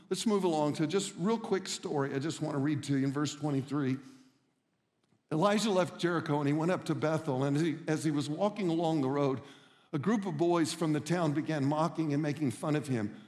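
A man's voice: fairly high pitch, brisk, darkish tone, big-room sound. A middle-aged man preaching a sermon as a pastor, telling stories in an earnest, emphatic way.

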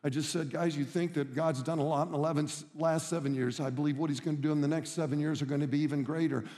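A man's voice: a little high, fairly even intonation, quick pace, mellow, big-room sound. A middle-aged man preaching a sermon as a pastor, telling stories in an earnest, emphatic way.

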